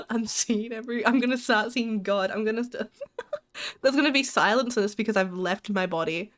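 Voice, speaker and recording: While she games, this woman streamer chats casually to her viewers in a slightly high voice at a moderate pace. Her talk is giggly and rambling, with sentences often started over.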